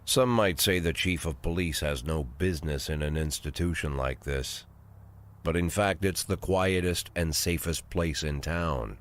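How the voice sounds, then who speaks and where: An actor playing a cynical police chief in his sixties, narrating a game with dry, world-weary calm. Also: extremely low pitch, full character voice. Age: 60s.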